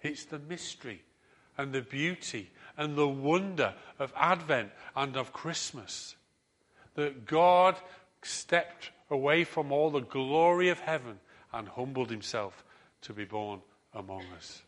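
A man preaching a sermon as pastor, telling stories with emphatic rises and soft, trailing endings. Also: mid-range voice, slow.

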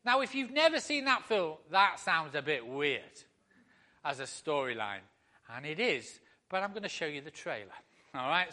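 A man's voice: fairly high pitch, bright, forceful tone. A male pastor giving a conversational sermon to his church, full of rhetorical questions.

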